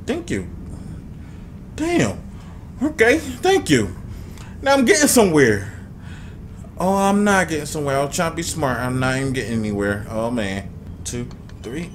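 A man's voice: on the high side, very animated, moderate pace, pauses often, a little hiss or hum. A young man commentating a game he is playing, talking to the game and his viewers and swearing a lot. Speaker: gaming YouTuber. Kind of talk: let's play commentary.

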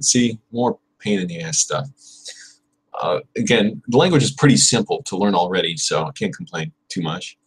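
Husky man drilling verbs aloud. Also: on the low side. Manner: repeats verb drills aloud, mutters asides. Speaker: channel host studying Spanish. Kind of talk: casual livestream study session.

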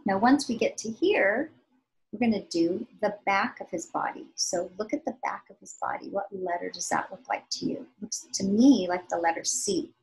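Patient art teacher woman, gravelly voice. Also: mid-range voice, poor audio. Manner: slow, patient, sing-song instructions to kids. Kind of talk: step-by-step drawing lesson for young children.

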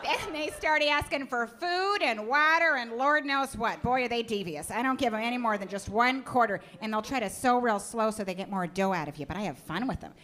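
A woman's voice: on the high side, animated, fairly quick, few pauses, pushed and bright. A woman putting on a prim, patronizing mother. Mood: airy. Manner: sweetly patronizing, airy and breathless. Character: oblivious, pompous middle-aged mother, prim and condescending. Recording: live club with audience laughter.

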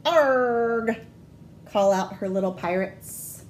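A woman working as a children's librarian, reading a picture book aloud at storytime in a gentle, expressive, animated way. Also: mid-range voice, a little slow, reverberant, slight background noise.

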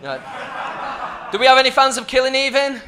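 A man in his thirties telling a stand-up story, cheeky and animated, sometimes building to shouts. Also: very high voice, fairly quick, a little hiss or hum. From England. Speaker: stand-up comedian. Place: comedy club stage. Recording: far mic, roomy club, crowd laughter.

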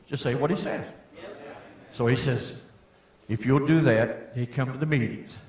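An older man giving a folksy testimony sermon, rising to fervent shouts. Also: medium pitch, unhurried, vocal fry. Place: church meeting hall. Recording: echoey hall.

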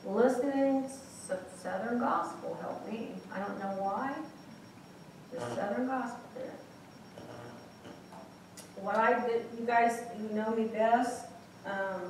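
A woman's voice: fairly high pitch, slight background noise. A woman preaching a sermon in a small church, speaking candidly and personally, with many restarts. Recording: very echoey church room from far off.

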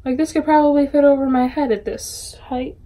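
Gushing high-voiced woman unboxing. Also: level tone, brisk, mellow. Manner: gushing, chatty, full of little gasps and exclamations. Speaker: book vlogger. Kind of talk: casual unboxing vlog. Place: bedroom.

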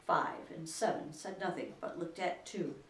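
A woman's voice: lowish voice, recorded from a distance, slight background noise. Woman reading a storybook in an echoey room. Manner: slow, deliberate reading. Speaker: children's librarian reading aloud. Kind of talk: storybook read-aloud. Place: library.

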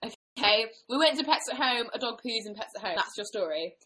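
A woman's voice: a little high, expressive, a little fast, sharp tone, slight background noise, poor audio. A young woman co-hosting a casual livestream, giggly, playful and teasing. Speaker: livestream co-host. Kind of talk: casual chat.

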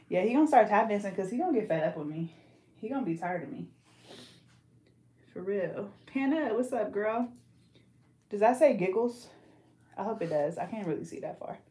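A woman's voice: medium pitch, a little mellow. A young woman from the Bay Area talks in a loose, slangy way on a livestream and reads viewer comments aloud as she works on a client's hair. She is pregnant. Her voice sits in a middle range and bounces around an echoey room. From California, Bay Area. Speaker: hairstylist and livestream host. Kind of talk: casual livestream chat.

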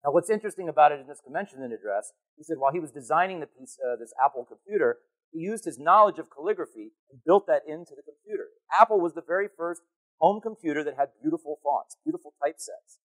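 A man giving a conference keynote on stage, animated and playful as he calls volunteers up from the audience. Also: fairly high pitch, fast talker, slightly rough. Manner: animated, calling to the crowd, playful. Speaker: keynote speaker.

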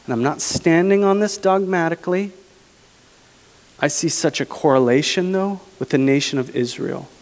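A man with a fairly high voice preaches a sermon, slowing down to lean into each scripture phrase. His voice rings through a church sanctuary with a long reverb tail. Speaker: pastor.

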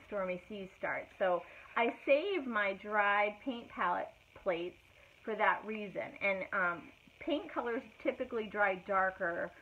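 A middle-aged woman, chatting casually as she demonstrates furniture painting on a live stream, full of fillers and greetings. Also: mid-range voice. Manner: chatty, many fillers, greets viewers by name. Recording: tinny phone-like audio with faint noise.

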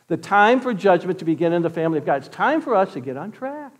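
A man preaching a sermon as pastor, impassioned, swinging from loud exclamations to hushed tones. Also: a little high, big pitch swings, fast, few pauses. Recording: long reverb of a church hall.

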